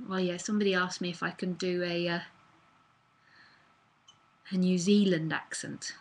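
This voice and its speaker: A woman's voice: on the low side, steady tone, normal speed, long pauses, rough recording. A woman speaking as a spiritual teacher in a live online talk, earnest and casual, with fillers and the odd swear word, into a computer mic.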